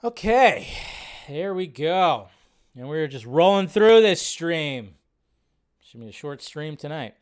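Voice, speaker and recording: A man hosts a casual film-commentary livestream from a home setup, his voice sitting a little high for a man. He talks loosely and animatedly, breaking into loud reactions and the odd swear. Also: sing-song, takes it slowly, clear, resonant tone. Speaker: livestream host.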